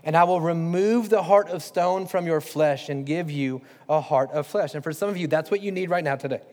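A man's voice: on the high side, a little fast, a little mellow. A man preaching a sermon, conversational and emphatic, putting direct questions to his congregation. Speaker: pastor. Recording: long hall reverb.

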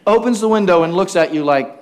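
A man's voice: sits high, fast talker. A man preaching a sermon, telling humorous everyday stories, acting out quoted voices, and calling for responses from the congregation. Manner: animated storytelling, acts out quoted voices with humor.

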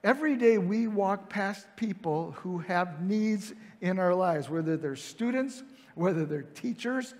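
A male pastor with a high voice gives a relaxed, conversational sermon. He retells the scene casually and slips into short quoted lines for its people. His voice rings out through a large hall with a long, heavy reverb. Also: unhurried.

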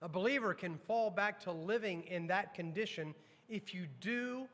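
High-voiced preaching man in a reverberant church. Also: fairly bright tone. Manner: emphatic preaching, drops low and slow for weighty lines; addresses congregation directly with repeated questions. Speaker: pastor. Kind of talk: sermon. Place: church sanctuary.

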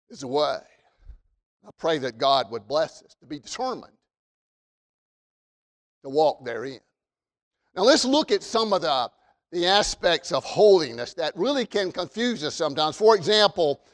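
A man preaching a sermon from the pulpit in an emphatic way, repeating phrases and rising to shouts. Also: a little high. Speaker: pastor. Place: church sanctuary. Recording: long reverb of a large hall.

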